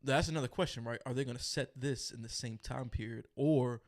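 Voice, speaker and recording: A man co-hosts a horror news podcast in a mid-range voice, talking a little fast. He's laid-back and colloquial, chatting casually with lots of fillers that trail off.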